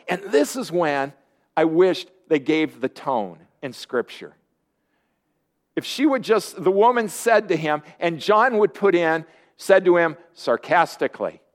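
A man preaching a sermon, lively and earnest, often acting out the voices of people he quotes. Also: sits high, normal speed. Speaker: pastor.

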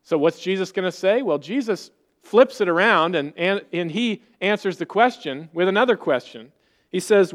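Male pastor, high voice, earnest conversational sermon delivery, rhetorical questions to the congregation. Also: expressive, moderate pace.

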